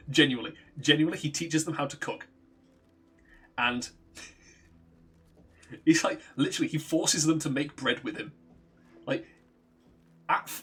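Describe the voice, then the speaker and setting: A man's voice: on the high side, fairly bright tone, slightly rough. A man streaming a video game, chatting loosely and swearing freely as he rambles and corrects himself. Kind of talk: casual chat while playing a game.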